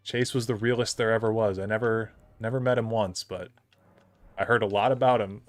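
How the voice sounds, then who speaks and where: A man's voice: on the low side, fairly even intonation, a little fast, no room sound, soft background music. A young man streaming, telling a rambling anecdote about an old coworker and laughing often as he talks. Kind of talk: casual storytelling on a live stream.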